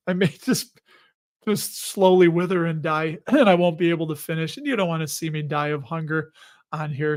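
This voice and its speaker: A man with a Chicago accent hosts a casual livestream. His voice sits a bit high for a man, and he rambles from one aside to the next, cracking jokes and chuckling as he goes. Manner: rambling, jokey, chuckles between remarks. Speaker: host of an investing livestream.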